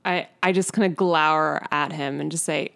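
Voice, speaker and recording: A woman's voice: sits low, fairly even intonation, moderate pace, vocal fry, a bit bright. A woman playing a tabletop game, speaking hesitantly. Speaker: player.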